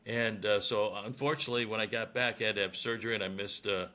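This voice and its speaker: A man's voice: lowish voice, fairly even intonation, fast talker, pushed and bright. An older man, a veteran radio broadcaster, telling stories in a casual interview and laughing at his own tales.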